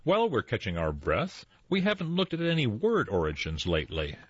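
A male co-host spins a folksy tall tale with a lot of up-and-down movement in his voice. His tone is a little husky. The recording sounds dull and dry. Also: medium pitch, fairly quick, no echo. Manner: animated, expressive storyteller. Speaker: storyteller and co-host. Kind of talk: lively tall-tale storytelling.

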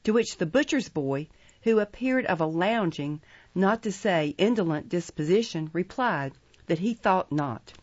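Casting: woman audiobook narrator, lowish voice, measured pace, dull dry recording. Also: no echo. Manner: measured, even storytelling. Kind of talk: audiobook reading of a classic novel.

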